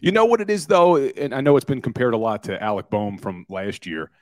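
Energetic forty-something Philly man, dry studio sound. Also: medium pitch, a little fast, no echo. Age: 40s. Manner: energetic, storytelling, self-deprecating. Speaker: guest, podcaster and former lawyer. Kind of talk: casual sports radio interview.

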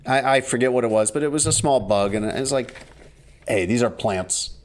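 A man's voice: medium pitch, fast talker. A man co-hosting a podcast, telling stories in a wry, exasperated casual chat. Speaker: podcast co-host.

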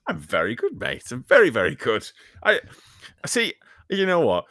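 Rambling man hosting with lively pitch. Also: normal speed, dry recording, studio quality. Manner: rambling and jokey, with many fillers and restarts. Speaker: podcast host. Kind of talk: casual podcast chat.

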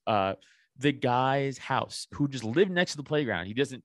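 Profane, animated man telling a story. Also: mid-range voice, measured pace, dry recording, clean studio sound. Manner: profane, animated storyteller acting out quoted voices. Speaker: podcast guest. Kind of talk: casual storytelling chat.

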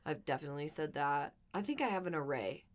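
A woman's voice: deep voice, lively intonation, fast. A woman co-hosting a podcast, chatting casually with agreeable, wry remarks. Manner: agreeable, wry, laughing asides. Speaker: podcast co-host.

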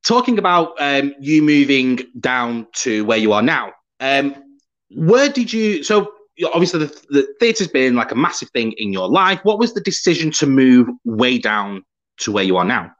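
A man's voice: mid-range voice, very animated, normal speed, a bit bright. A man hosts a podcast and teases his guest in a playful, casual tone. His voice rises and falls a lot. The audio is dull and lo-fi. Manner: playful, teasing. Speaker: podcast host. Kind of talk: casual interview chat.

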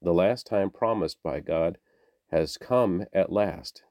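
Deep-voiced man reading scripture. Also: takes it slowly, darkish tone, no echo, studio quality. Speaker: scripture reader.

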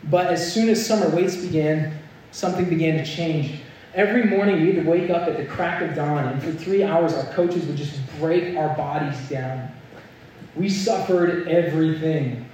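A man's voice: a little high, normal speed, darkish tone, slight background noise. A young man preaching a sermon, telling a story and building to earnest, emphatic points. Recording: echoey hall, mic at a distance.

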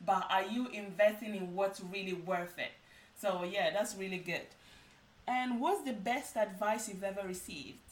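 A woman's voice: medium pitch, unhurried. A woman hosting an interview, affirming her guest and asking questions. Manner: encouraging, affirming. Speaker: interview host. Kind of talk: interview conversation. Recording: roomy, distant mic.

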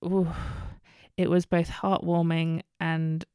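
A woman's voice: fairly low pitch, level tone, takes it slowly, a little mellow, clear, resonant tone, no room sound, clean studio sound. A woman hosting a casual solo podcast, chatty and candid, with lots of ums and self-corrections. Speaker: podcast host.

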